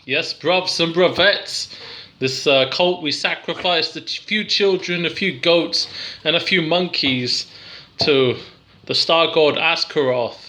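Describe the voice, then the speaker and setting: Young english guy rambling about cards, bright sharp voice, a bit high. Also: a little slow. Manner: rambling, giggly, self-deprecating. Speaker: tarot card reviewer. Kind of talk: casual review vlog.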